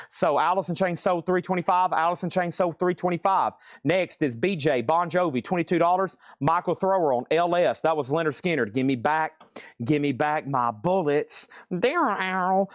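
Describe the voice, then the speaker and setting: A man running a live online record sale and auction, calling out titles and prices in quick bursts with frequent exclamations of surprise. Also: a little high, no echo, studio quality. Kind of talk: live online sales stream.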